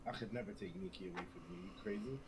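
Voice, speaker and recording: A young man co-hosting a casual podcast, teasing his friend with quick interjections. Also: sits low, huge pitch swings, vocal fry, slightly rough. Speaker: podcast co-host. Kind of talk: casual chat.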